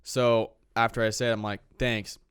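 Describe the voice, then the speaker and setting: A man's voice: mid-range voice, fast, clear, resonant tone. A young man co-hosting a podcast, telling stories in a casual, playful way. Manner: storytelling, playful, repeats phrases for laughs. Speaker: podcast co-host. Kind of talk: casual chat.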